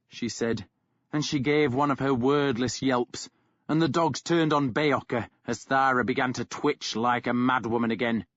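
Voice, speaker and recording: A man narrating a historical novel in a measured, grave storytelling manner. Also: mid-range voice, fairly bright tone, no room sound, highs cut off. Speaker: audiobook narrator.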